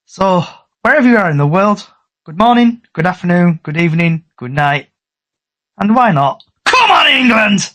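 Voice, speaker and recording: A man's voice: sits high, a bit bright. A man hosting a casual fan podcast, chatty and upbeat. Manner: chatty, upbeat, fast sign-off. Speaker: podcast host.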